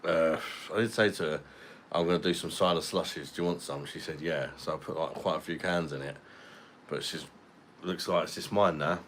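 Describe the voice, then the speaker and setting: A man's voice: very deep voice, fairly quick, fairly bright tone, a little hiss or hum. A man, chatting casually on a live stream and answering viewers' comments. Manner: laid-back, chatty, reads out viewer comments.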